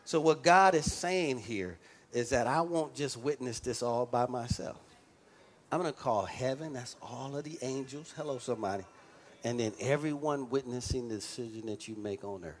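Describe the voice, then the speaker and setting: A male pastor delivering a lively sermon, stressing points and calling out to the congregation for response. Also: mid-range voice, moderate pace. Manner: emphatic call-and-response preaching.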